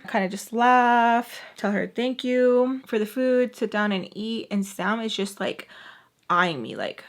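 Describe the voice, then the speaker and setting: A woman's voice: on the high side, moderate pace. A young woman telling a personal story on her vlog in a chatty way. She fills it with "like", acts out the dialogue and swears freely.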